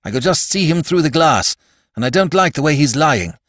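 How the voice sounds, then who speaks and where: A man plays an agitated doctor in a storybook, who shouts in a sharply raised, excited voice. The sound is close and dry. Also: fairly high pitch, normal speed, no room sound, pitched above the performer's own voice. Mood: alarmed. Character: agitated alarmed middle-aged male doctor.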